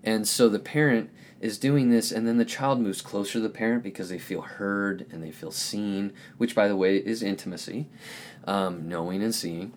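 A man with a somewhat low voice hosts a podcast and gives a reflective spiritual talk. He sounds earnest and gentle, searching for the right words as he goes. A faint background noise sits under his voice. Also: normal speed. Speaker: podcast host. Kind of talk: reflective spiritual teaching monologue.

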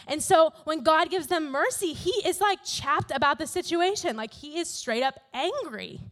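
A young woman telling a Bible story to a youth group in a casual, animated way, full of "like" and "literally". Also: sits high, moderate pace. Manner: animated, chatty, fills talk with "like" and "literally".

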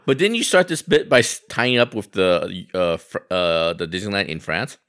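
A man's voice: low-pitched, expressive, normal speed, fairly bright tone. Wisecracking male podcast co-host. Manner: wisecracking, teasing. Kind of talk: casual chat.

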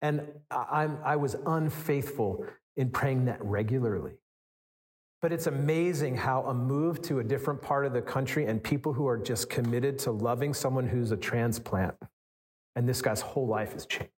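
A man preaching a sermon, telling a story in a conversational, animated way with many fillers and restarts. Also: mid-range voice, normal speed, big-room sound. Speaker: pastor.

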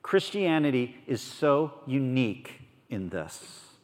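A man preaching a sermon as a pastor, earnest and conversational, moving between soft and emphatic delivery. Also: mid-range voice, very animated, takes it slowly. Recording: long reverb of a large hall.

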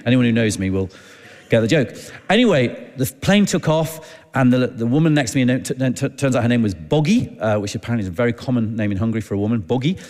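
Preacher telling a story in a reverberant hall. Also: male voice, medium pitch, lively intonation, darkish tone. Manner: chatty, halting, acts out dialogue. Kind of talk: anecdotal sermon storytelling.

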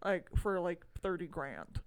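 A woman's voice: lowish voice, animated, measured pace, smooth, no echo, poor audio. Woman gushing about a movie on a podcast, lots of likes and ums, casual chatter. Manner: enthusiastic, chatty, many fillers and asides. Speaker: podcast co-host.

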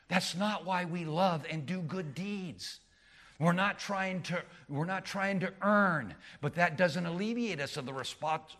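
A middle-aged man preaching a sermon as pastor, with frequent restarts, moving between loud emphatic peaks and quiet low asides. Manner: frequent restarts and repeated words.

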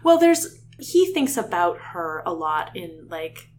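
A woman's voice: on the low side, sing-song, slow pace, darkish tone. A young woman co-hosting a casual book podcast, chatty and full of fillers, reading passages aloud with feeling. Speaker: podcast co-host.

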